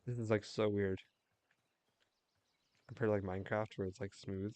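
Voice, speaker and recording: A young man chatting casually while livestreaming a game, telling a rambling story with quick restarts. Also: lowish voice, flat delivery, darkish tone, no room sound. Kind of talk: casual chat while gaming.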